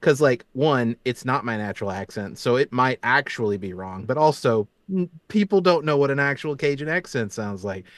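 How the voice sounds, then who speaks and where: Southern man, faint drawl, animated chatty game master, dry close mic. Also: medium pitch, normal speed, dry recording. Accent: slight Southern US. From American South. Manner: animated storyteller, laughs often. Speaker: game master and show creator. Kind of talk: casual chat.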